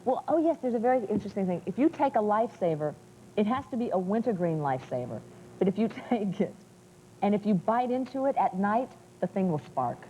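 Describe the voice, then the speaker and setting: A woman's voice: mid-range voice, big pitch swings, fairly quick, mellow, highs cut off, slight background noise. A woman co-hosting a TV talk show in a teasing, playful way, laughing often. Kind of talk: playful morning TV chat.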